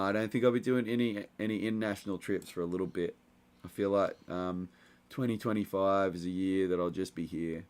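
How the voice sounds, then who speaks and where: Low-voiced easygoing man reading chat. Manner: relaxed, rambling, many fillers. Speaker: livestream host reading chat. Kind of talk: casual live chat.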